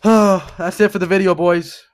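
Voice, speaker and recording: A young man rants heatedly on his own channel, swearing and leaning on "bro" again and again. His voice sits a little high. The sound is dry and close. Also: steady tone, a little slow, no room sound. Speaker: channel host. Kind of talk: casual fight-prediction rant.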